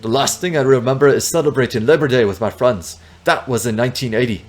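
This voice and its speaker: A man voicing an eager Soviet man trapped in an alien body, in a deliberately bad Russian accent. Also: mid-range voice, lightly acted. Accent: exaggerated fake Russian. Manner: eager, earnest.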